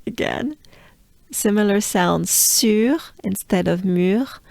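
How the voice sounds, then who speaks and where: A woman from France with a French accent, coaching pronunciation by slowly repeating and exaggerating each sound. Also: mid-range voice, expressive, creaky, darkish tone, no room sound, studio quality. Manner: drills words slowly with exaggerated repetition. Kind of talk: slow pronunciation lesson.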